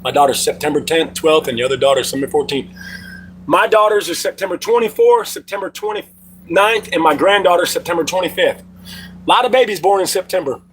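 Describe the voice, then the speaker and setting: Livestream host: middle-aged man, slightly high voice, loose profane storyteller, faint hum behind. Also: brisk, poor audio. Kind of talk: casual livestream chat.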